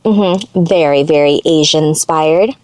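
A woman hosting a casual mukbang from her car, chatty and excitable, with rambling asides. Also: low voice, a little slow. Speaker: mukbang host. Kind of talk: casual eating-show chat.

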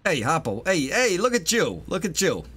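A man streaming an improvised game role-play as a bank robber, jokey and animated, with flustered bursts. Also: fairly high pitch, normal speed, breathy edge.

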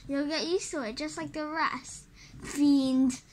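A woman's voice: sits high, steady tone, takes it slowly, a little mellow, a little hiss or hum. A woman voicing a lazy, grouchy male alien slug king who gives lordly commands.

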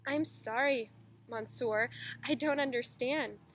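A woman's voice: sits high, slow, slight background noise. A woman reading aloud, voicing a poor, timid and polite young girl who dances.

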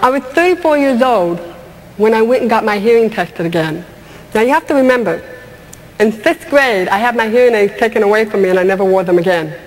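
A woman comedian and speaker telling stage stories in an animated way, asking the audience questions and laughing along. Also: a little high, brisk. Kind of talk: stand-up storytelling. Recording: large hall with long reverb, faint ambience.

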